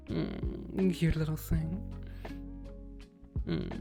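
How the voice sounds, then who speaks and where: A man's voice: on the high side, a little slow, music in the background. A man streaming a casual chat with his viewers after a history lesson, playful and teasing, often slipping into meows and growls.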